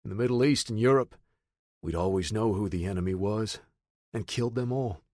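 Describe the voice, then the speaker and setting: A man reading a first-person audiobook in a steady, low-key storytelling manner. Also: fairly quick, dry recording, studio quality. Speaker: audiobook narrator.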